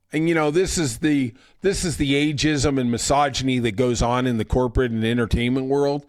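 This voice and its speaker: A man hosting a podcast, delivering a sarcastic, ranting monologue with mocking impressions. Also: a little high. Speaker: podcast host. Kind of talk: casual opinion monologue.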